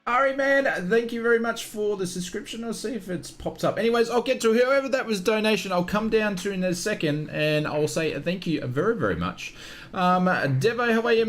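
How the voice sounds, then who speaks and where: A man's voice: sits high, slight background noise. An Australian man live-streaming a flight simulator, chatting casually and greeting viewers by name.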